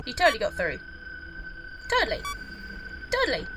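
Excitable woman gaming with loud music. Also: high-pitched, normal speed, long pauses, poor audio. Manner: excitable, swears a lot, breaks into song. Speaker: gaming commentator. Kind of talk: let's play commentary. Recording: game music loud behind her.

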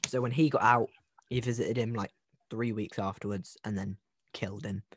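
A man's voice: on the low side, fairly even intonation, normal speed, a little hiss or hum. A man hosting a casual podcast over a video call, retelling a true-crime case in a joking, rambling way with many restarts. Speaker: podcast host.

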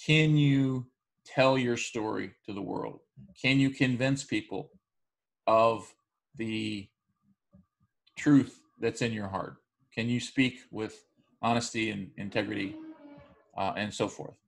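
A male college instructor with a mid-range voice gives a recorded online lecture. He speaks in a measured way but often uses fillers and restarts his sentences.

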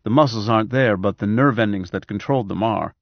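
A harried, sick doctor, voiced by a male narrator who talks briskly and coaxingly, sometimes a little impatient. The voice is gravelly and dry, and the recording sounds a bit dull. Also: fairly low pitch, no echo. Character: harried, ailing man, a doctor with a cold.

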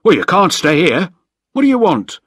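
A man reading a story aloud, voicing a hostile island guard who shouts curt questions. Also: low-pitched, sing-song, normal speed, no room sound, heavily acted. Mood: angry shouting. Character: angry male island guard, hostile and unfeeling.

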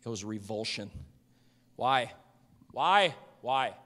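A man preaching a passionate sermon as pastor, building up to shouts. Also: mid-range voice, animated, slow. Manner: impassioned preaching, swelling to shouts. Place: church sanctuary. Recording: church hall reverb.

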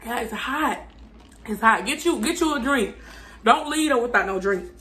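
A woman reviewing fast food on her channel. She chats casually with viewers, talks with her mouth full and hums between bites because the food is burning her mouth. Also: a little high, animated, a bit bright. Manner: chatty, addresses viewers as y'all, hums while eating.

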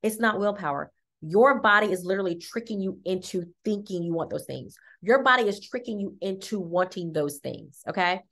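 A chatty woman talks up a wellness product with upbeat energy. Her voice sits at a middle pitch, and she keeps checking in with her listeners with "okay?" and "y'all.". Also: expressive, normal speed, fairly bright tone. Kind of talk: casual sales talk.

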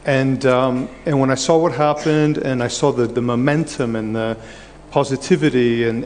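Nervous halting man in a conference hall. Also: medium pitch, a little mellow. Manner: halting, repeats words, many fillers. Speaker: conference guest speaker. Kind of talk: on-stage conversation. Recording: hall reverb, faint background noise.

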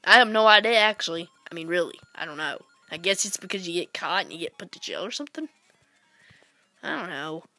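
A woman giving goofy, playful commentary while playing retro games, jumping between whispers, squeals and shouts. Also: on the low side, animated, a little fast, no room sound, soft background music. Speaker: gameplay commentator. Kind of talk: casual let's-play commentary.

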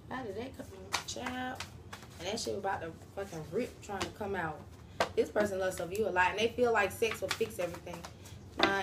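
A woman's voice: mid-range voice, background noise. A woman doing a casual tarot reading, talking straight to her viewers in a slangy, profane way. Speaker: tarot reader.

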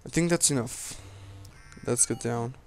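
Young male let's-player, rambling and profane, slow delivery over light background music. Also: mid-range voice, a little mellow. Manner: rambling, swears at enemies, talks to himself. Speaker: let's play host. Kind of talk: casual gameplay commentary. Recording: faint game music behind.

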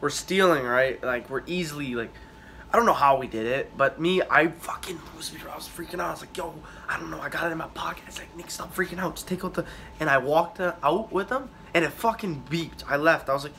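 A young man rambles through a story for his vlog, swearing freely and losing his thread. His voice is bright and forward, with a faint hiss of noise underneath. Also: on the high side, creaky. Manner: rambling, profane, halting with many fillers. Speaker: vlogger.

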